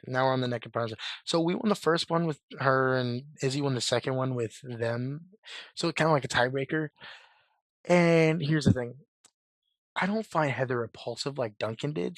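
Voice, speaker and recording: A young man with a hoarse voice talks through his ideas in loose, rambling fan commentary, full of "like" and half-started sentences. His pitch sits in an ordinary middle range, and the sound is dry and close, with no room around it. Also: dry recording. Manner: rambling, lots of "like" and restarts, slangy. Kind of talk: casual commentary.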